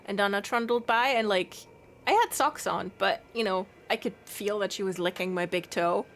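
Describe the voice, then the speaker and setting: A woman's voice: medium pitch, moderate pace. Chatty, giggly woman streamer. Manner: chatty and giggly, baby-talking to her cat. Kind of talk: casual chat with stream chat.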